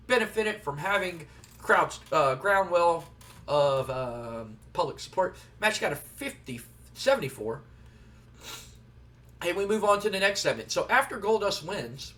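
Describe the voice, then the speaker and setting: A man narrates a game session in a loose, rambling, conversational way. His voice is high and bright, and sounds set back from the mic. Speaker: let's player. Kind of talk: casual game commentary. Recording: distant from the mic.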